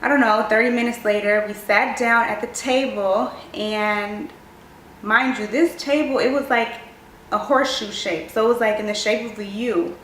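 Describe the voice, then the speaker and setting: Young woman vlogger, lively storyteller, slightly high, roomy echo from an off-camera mic. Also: normal speed, far from the mic, a little hiss or hum. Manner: animated storytelling, acts out quoted voices. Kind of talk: storytime vlog.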